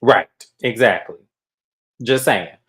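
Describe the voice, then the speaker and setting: A man's voice: mid-range voice, slow. A man co-hosting a casual gossip show about reality TV, talking bluntly and with lots of profanity. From California. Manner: blunt, profane, animated asides. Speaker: co-host.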